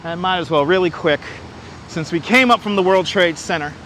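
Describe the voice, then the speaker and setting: A man hosts a casual walking livestream outdoors in the city through a wireless clip-on mic, eagerly chatting, greeting viewers by name and reading their comments out. His voice is high-pitched and a bit bright, at a moderate pace, with slight background noise.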